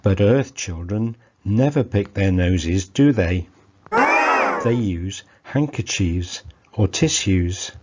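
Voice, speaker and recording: A man with an English accent reading a family story for church, gently and playfully, with chatty asides to the children. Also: low-pitched, animated, slow pace, highs cut off, slight background noise.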